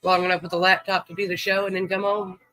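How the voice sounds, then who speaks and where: A man's voice: high voice, flat delivery, quick pace, bright, forceful tone, dry recording, poor audio. A man hosting a livestream, chatting easily with viewers and greeting them by name. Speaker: livestream host. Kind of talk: casual chat with viewers.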